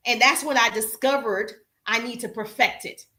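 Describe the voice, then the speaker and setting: Lively Southern woman sales coach. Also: fairly high pitch, moderate pace, roomy sound. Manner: animated, chatty, addresses audience directly. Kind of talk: live-stream coaching talk.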